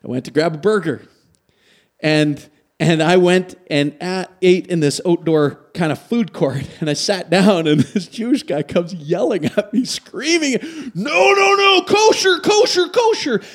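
A man's voice: on the high side, measured pace. A man from Canada preaching a sermon, telling stories with animation and asking his listeners questions. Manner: animated storytelling, asks the audience questions. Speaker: pastor.

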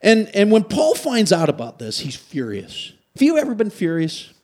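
A man from Canada delivers a sermon in a high voice. His pitch rises and falls widely as he tells stories with animation. He keeps turning to his listeners with direct questions. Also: moderate pace. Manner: animated storytelling, asks the audience questions. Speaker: pastor.

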